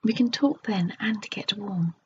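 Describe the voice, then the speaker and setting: A woman's voice: medium pitch, measured pace, lightly acted. A woman whispering the lines of a sensible, alert little girl in a whispered role-play storybook reading. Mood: kindly. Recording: dull lo-fi recording with faint hiss.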